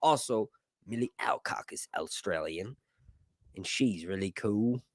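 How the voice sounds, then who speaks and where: A man's voice: lowish voice, lively intonation, measured pace, no echo, studio quality. Crude, joking man on a livestream. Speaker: YouTube show host. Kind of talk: casual livestream chat.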